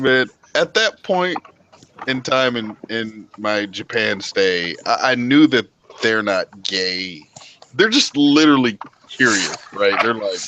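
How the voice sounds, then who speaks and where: A man's voice: on the low side, normal speed, a little hiss or hum, rough recording. A man from the United States hosting a livestream, swearing constantly as he tells long stories in casual chat with his friends. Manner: profane, rambling, animated storytelling. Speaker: livestream host. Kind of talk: casual group chat storytelling.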